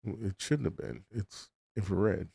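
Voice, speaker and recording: A man's voice: fairly low pitch, slow pace, gravelly, dark tone, husky, no room sound. A middle-aged man hosting a podcast, rambling bluntly through a casual monologue full of restarts and swearing. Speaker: podcast host.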